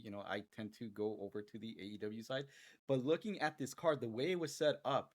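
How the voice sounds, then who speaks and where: A man co-hosting a casual wrestling podcast, speaking candidly and emphatically. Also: mid-range voice. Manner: candid and emphatic, building to loud enthusiasm. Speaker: podcast co-host.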